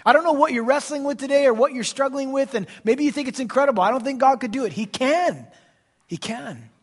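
High-voiced man preaching a sermon. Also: a little fast. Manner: emphatic preaching, rising and falling between loud and soft. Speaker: pastor. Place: church.

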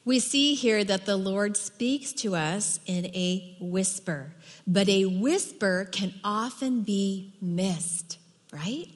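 Middle-aged woman preacher, earnest and emphatic, mid-pitched, long hall echo. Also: slow. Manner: earnest, emphatic, drops to soft tones for quoted words. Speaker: women's Bible teacher. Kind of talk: sermon.

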